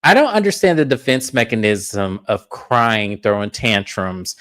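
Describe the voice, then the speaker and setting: A man hosting a casual reality TV recap, animated and blunt, swearing freely and acting out quotes. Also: unhurried, dry recording, studio quality. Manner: animated, acts out quotes in a high put-on voice.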